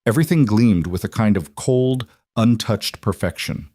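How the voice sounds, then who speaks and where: A man narrating a story in a measured, scripted audiobook style. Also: lowish voice, animated, warm tone, no echo, clean studio sound.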